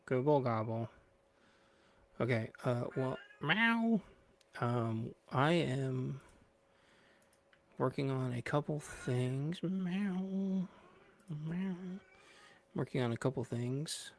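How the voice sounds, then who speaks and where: Gravelly man rambling before a stream. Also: mid-range voice, steady tone, slow pace, pauses often, a little mellow, a little hiss or hum. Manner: scattered and playful, drifting off mid-sentence. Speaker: podcast host. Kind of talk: rambling livestream pre-show chat.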